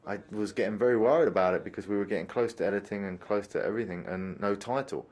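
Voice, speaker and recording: A man's voice: on the low side, fast, darkish tone. A man giving a reflective commentary on his own film, thoughtful and searching for words. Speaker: filmmaker giving a commentary track.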